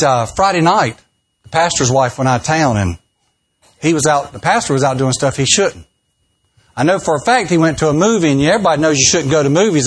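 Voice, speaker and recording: Pastor guy cracking jokes in his sermon, kinda high voice, folksy. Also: husky. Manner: folksy, joking, acts out quoted voices. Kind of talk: humorous sermon storytelling.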